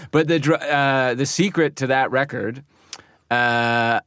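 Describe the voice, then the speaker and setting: A man's voice: medium pitch, slow pace, fairly bright tone, dry recording. Rambling man, dry close sound. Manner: rambling anecdotes with laughs and restarts. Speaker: recording and mixing engineer, guest. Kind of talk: casual interview chat.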